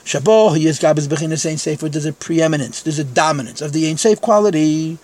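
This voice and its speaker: A man's voice: a little high, quick pace, darkish tone. A man teaching a text-study lecture in Yeshivish English, conversational, with frank self-deprecating asides.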